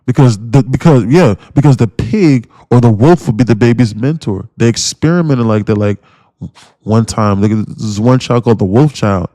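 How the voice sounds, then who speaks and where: A man's voice: medium pitch, moderate pace, dark tone, no room sound, studio quality. A man livestreaming his day trading, ranting bluntly with lots of swearing and mocking his viewers. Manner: blunt, swearing, mocks viewers in put-on voices. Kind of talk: profane ranting livestream talk.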